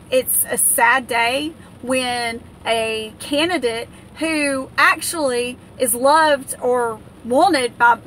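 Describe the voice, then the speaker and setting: An indignant American woman vents in a heated political rant, her high, bright voice tripping over fillers and false starts. She sounds livid throughout. Faint background noise sits under the recording. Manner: angry, indignant, with many fillers and restarts. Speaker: political vlogger.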